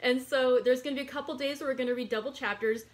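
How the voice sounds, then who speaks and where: A woman's voice: sits high, steady tone, fast. Chatty woman hosting a library read-aloud. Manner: chatty, self-deprecating, many fillers. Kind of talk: casual chat before a book reading.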